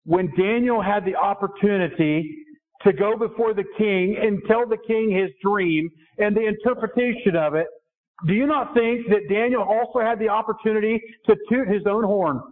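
In a tinny, phone-like recording, a middle-aged man delivers an earnest sermon and asks the congregation questions. His voice is high-pitched and moves at a normal speed.

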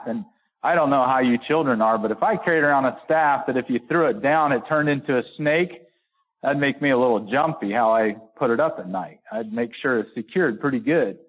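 Guy preaching, folksy, lots of restarts, goes way up and slows down to hammer a point, sounds tinny like a phone call. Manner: builds to high emphatic peaks, slows to stress words. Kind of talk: sermon with scripture reading.

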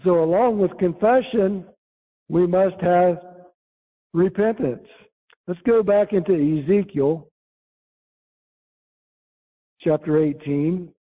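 A man with a fairly high voice preaches a sermon, reading scripture and explaining it verse by verse. He slows down and lifts his voice for the quoted verses. The sound is thin and tinny, like it comes down a phone line. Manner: rises in pitch when quoting scripture, slow and emphatic.

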